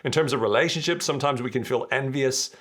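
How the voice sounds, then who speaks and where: A man's voice: medium pitch, fast talker, a bit bright. A man hosting a podcast, explaining ideas in a casual, chatty and jokey way. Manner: chatty, jokey, acts out quoted voices. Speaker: podcast host.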